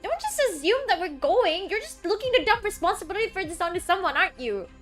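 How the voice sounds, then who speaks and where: A woman voicing a small, bossy floating female companion, reading game lines in a squeaky, indignant way. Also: sing-song, quick pace, fairly bright tone, faint music behind, full character voice. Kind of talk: reading game dialogue aloud.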